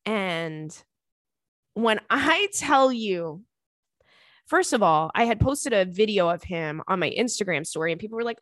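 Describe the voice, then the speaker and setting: A young woman hosting a podcast in casual chat, animated and profane, laughing often between thoughts. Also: medium pitch, measured pace, dry recording, studio quality. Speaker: podcast host.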